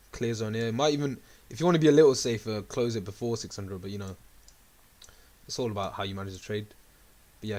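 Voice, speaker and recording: A man hosting a trading livestream, chatting casually and walking through chart setups in a relaxed, low-key way. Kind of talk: casual chat and chart analysis.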